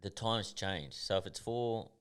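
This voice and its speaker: A man's voice: lowish voice, a little slow, clear, resonant tone. An Australian man in his thirties, a boxer talking in a casual podcast interview, blunt and swearing freely. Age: 30s. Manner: blunt and swearing, animated storytelling. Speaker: professional boxer guest.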